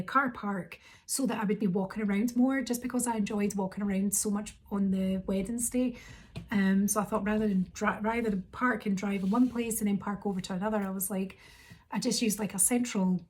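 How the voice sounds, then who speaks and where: A young woman vlogger telling a story in a casual, rambling, animated way, quoting her own thoughts. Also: mid-range voice, breathy edge. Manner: rambling, animated retelling with quoted inner thoughts.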